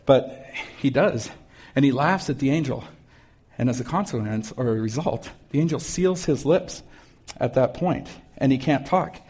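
A man's voice: mid-range voice, lively intonation, normal speed, a little mellow, breathy edge. A middle-aged male pastor giving a casual sermon in a church, reading scripture and asking the congregation questions. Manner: conversational, asks the congregation questions.

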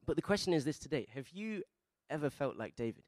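A man preaching a sermon, asking the congregation questions and calling for responses, shifting between soft asides and loud emphatic peaks. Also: on the high side, very animated, fast talker, no room sound. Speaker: pastor.

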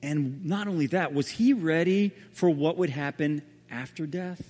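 A man preaching a sermon as a pastor, telling the story dramatically and often dropping to a hushed voice. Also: fairly high pitch, a little slow. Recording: reverberant hall.

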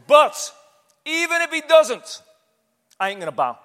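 A man's voice: very high voice, big pitch swings, unhurried, voice pushed up, exaggerated voice. A preacher acting out a defiant young man's vow. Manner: rising to a fervent shout. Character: defiant young man refusing to bow. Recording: echoey hall.

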